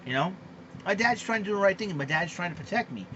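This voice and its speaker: Excitable man ranting about sports, lo-fi. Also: high voice, quick pace, a little hiss or hum. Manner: excitable, indignant, repeats himself with many fillers. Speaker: podcast host. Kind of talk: ranting sports commentary monologue.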